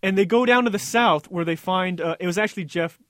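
Sarcastic young guy on talk radio, high voice, rattles it off fast, dry booth sound. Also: a bit bright, dry recording. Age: young adult. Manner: sarcastic, mocking. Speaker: co-host. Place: studio booth.

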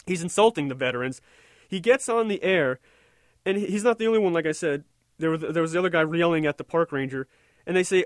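A man's voice: sits high, brisk, no room sound, studio quality. A man delivering an indignant, sarcastic opinion rant, rambling and restarting his sentences as he goes. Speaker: political commentator.

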